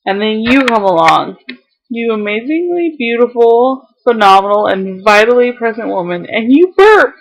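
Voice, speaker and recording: A woman's voice: fairly high pitch, lively intonation, moderate pace, slight background noise, poor audio. Emotional young woman reading a letter aloud. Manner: emotional, fighting tears, laughing between lines. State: tearful. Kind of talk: casual vlog, reading an email aloud.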